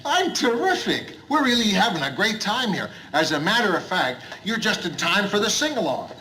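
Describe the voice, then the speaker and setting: Middle-aged bar owner, gruff, overly hearty, slightly raised pitch, hissy vintage sitcom soundtrack. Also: male voice, big pitch swings, normal speed. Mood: forced cheer. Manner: overly hearty, repetitive greetings. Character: gruff middle-aged man forcing himself to be jovial. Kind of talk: 1970s studio sitcom acting.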